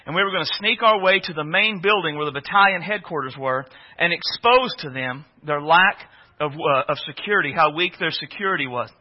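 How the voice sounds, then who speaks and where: A man preaching a sermon, telling a personal story in an animated way and often repeating words. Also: fairly high pitch, fairly quick. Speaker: pastor. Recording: dull lo-fi recording.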